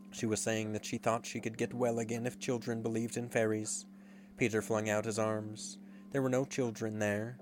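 A man narrating a storybook in a measured, expressive reading. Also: on the low side. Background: faint guitar music.

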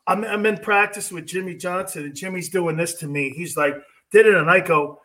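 Sports radio host guy, high bright voice, chummy, laughs with his guest. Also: moderate pace. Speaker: host, former player. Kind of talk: sports talk show.

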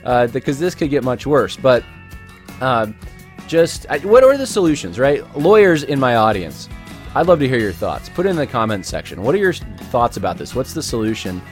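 Man, mid pitch, earnest commentator thinking out loud, restarts lines. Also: big pitch swings, normal speed, faint music behind. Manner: earnest, repeats words while thinking. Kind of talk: casual video commentary.

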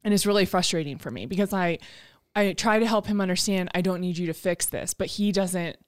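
A woman's voice: fairly low pitch, brisk, no echo, studio quality. A woman hosting a podcast, talking frankly and earnestly about her own experience with her partner. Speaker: podcast host. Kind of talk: candid podcast conversation.

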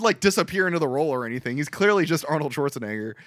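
A man co-hosting a casual podcast, retelling a movie with wry, animated asides. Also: a little high, rapid-fire, no echo, studio quality. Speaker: podcast co-host. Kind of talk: casual movie recap chat.

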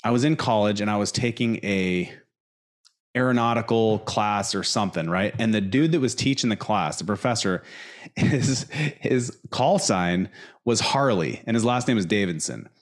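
A man in casual conversation, telling stories with lots of fillers, in an animated way. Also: fairly low pitch, normal speed. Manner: animated storyteller, fillers like dude. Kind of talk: casual chat.

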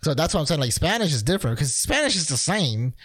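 A man's voice: a little high, big pitch swings, fast talker, a bit bright, slightly rough, no room sound, studio quality. Man, casual chat, rambling, playful, lots of fillers.

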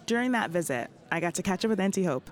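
A woman host reading scripted narration in a clear, measured way. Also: on the low side, lively intonation. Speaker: podcast host.

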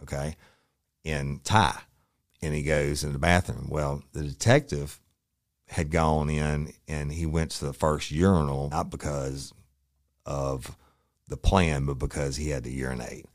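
A man's voice: extremely low pitch, steady tone, unhurried, no room sound, clean studio sound. A man telling a police story in casual, rambling speech, profane and acting out what others said. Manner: profane, rambling, acts out quoted lines.

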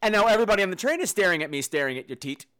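A man hosts a comedy podcast, spinning campy, animated stories that burst into loud exclamations now and then. His voice sits a little high and sounds smooth and resonant. He talks in a loose, chatty monologue. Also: rapid-fire. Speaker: podcast host.

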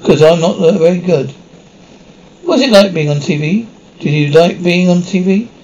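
A man's voice: high voice, expressive, moderate pace, a little mellow, rough recording. An actor playing a rambling, childlike male prisoner who shows off his tattoos and keeps stumbling over his words. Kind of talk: mockumentary comedy acting.

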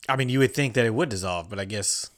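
A man in casual chat who agrees along and laughs easily. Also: lowish voice. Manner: agreeable, chuckling listener, quick to laugh.

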